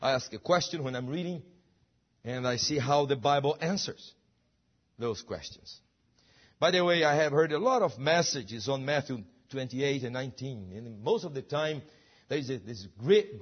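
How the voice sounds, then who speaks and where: A man's voice: mid-range voice, animated, moderate pace, husky, highs cut off. A man preaching a sermon, emphatic and full of rhetorical questions. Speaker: pastor.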